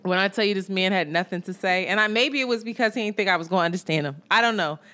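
A woman co-hosting a podcast, telling a dating story in casual, animated chat, swearing and acting out what people said. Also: mid-range voice, quick pace. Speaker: podcast co-host. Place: New York.

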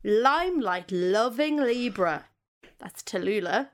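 A woman's voice: medium pitch, animated, slow pace. A woman co-hosting a comedy podcast, chatting and reading her notes aloud in a playful, mock-serious way. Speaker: podcast co-host.

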